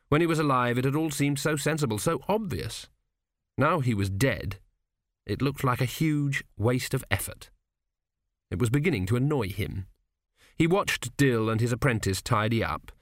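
A man's voice: mid-range voice, dry recording. Dry-voiced male audiobook narrator. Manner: measured, dry storytelling. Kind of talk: scripted comic narration.

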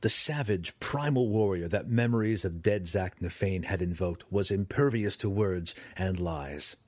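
A man narrating a fantasy audiobook in a dramatic, expressive reading style, close to the mic. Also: low voice, unhurried, dry recording.

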